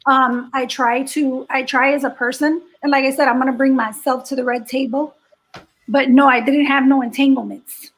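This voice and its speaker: Woman, high voice, earnest, reflective, podcast chat. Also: fairly even intonation, normal speed, poor audio. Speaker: podcast co-host. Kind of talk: casual chat.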